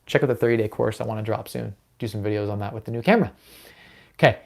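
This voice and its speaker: A man's voice: lowish voice, fast talker, creaky. A young man hosting a casual live Q&A stream, talking upbeat and persuasive with frequent fillers and restarts. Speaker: host of a live Q&A on personal finance.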